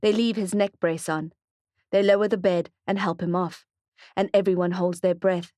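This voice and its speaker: A woman narrating a thriller audiobook in a measured, steady way, recorded on a close microphone in a studio. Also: on the low side, no echo. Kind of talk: scripted narration.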